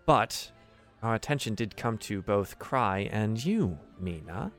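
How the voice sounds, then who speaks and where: A man voicing a courteous retired male adventurer who now acts as a contact for a faction, speaking in a smooth, measured way. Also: lowish voice, very animated, a bit bright, faint music behind, full character voice.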